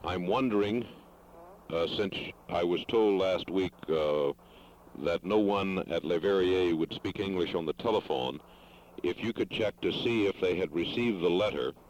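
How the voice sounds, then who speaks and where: A man making a formal phone call, choosing his words carefully and pausing with hesitations. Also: deep voice, a little mellow, a little hiss or hum. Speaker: caller. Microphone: telephone.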